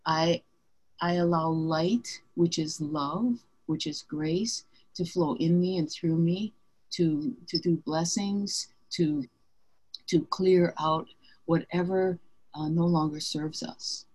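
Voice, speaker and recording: A woman spiritual teacher speaks in a calm, meditative way, taking her time over each thought. Her low voice has a husky edge, and she talks very slowly. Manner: slow, calm, meditative explaining. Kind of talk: reflective spiritual conversation.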